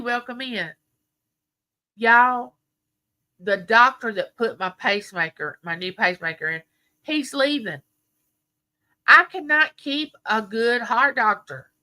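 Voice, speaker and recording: A woman's voice: mid-range voice, bright, forceful tone. A middle-aged woman, chatting with viewers on a livestream and telling stories full of quoted dialogue. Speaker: livestream host. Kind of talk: casual chat with viewers.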